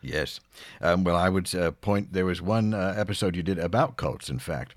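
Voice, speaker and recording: A man interviewing a podcaster, asking long, halting questions with many fillers. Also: sits low, no room sound, clean studio sound.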